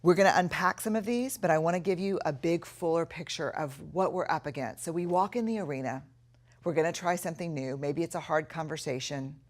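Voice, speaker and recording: A middle-aged woman giving a recorded video lesson, talking earnestly and reflectively, slowing down to stress key words. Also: low-pitched. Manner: earnest, reflective, with slow emphatic stretches. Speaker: course instructor.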